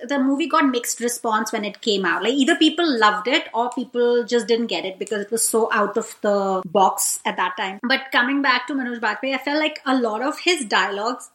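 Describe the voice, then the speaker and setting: A woman with a high, bright voice chats casually about films as a podcast co-host, talking animatedly and acting out lines. Her voice bounces around an echoey room. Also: fairly quick, few pauses. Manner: animated, acts out lines with laughs.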